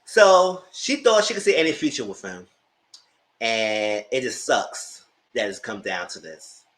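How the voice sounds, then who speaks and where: A man recapping a TV episode in a casual review, chatty and animated, dropping sassy asides and laughing often. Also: lowish voice, a little slow. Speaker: TV recap YouTuber.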